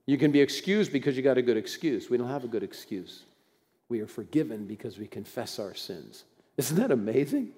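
A man's voice: medium pitch, sing-song, fairly quick, warm tone. An older man preaching a sermon in a conversational, folksy way with bursts of emphasis. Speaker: pastor. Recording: long hall reverb.

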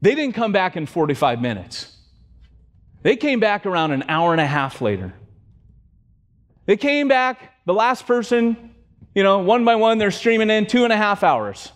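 A middle-aged man preaching a sermon, telling stories with acted-out voices and swinging from loud to hushed. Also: high voice, big pitch swings, moderate pace, pauses often. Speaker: pastor.

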